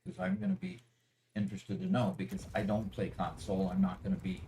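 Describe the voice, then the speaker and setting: A man's voice: on the low side, very animated, a little fast, vocal fry, mellow, slight background noise. A man hosting a casual gaming livestream, talking with a hesitant, filler-heavy manner. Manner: hesitant, lots of fillers and restarts. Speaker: host of a gaming channel.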